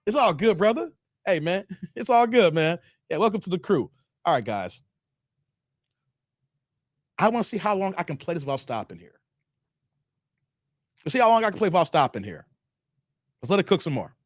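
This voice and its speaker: A man's voice: high-pitched, big pitch swings, normal speed, long pauses, dry recording, clean studio sound. A man hosting a live stream, casually reacting to a clip and reading out viewer donations with a playful, joking manner. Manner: playful, laughs often, talks to chat.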